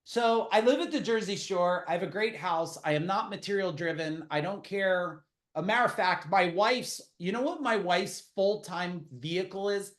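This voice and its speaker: Blunt, swearing middle-aged man in a roomy space. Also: sits high. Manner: blunt, profane storytelling, rapid asides. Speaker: podcast guest. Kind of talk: casual interview talk.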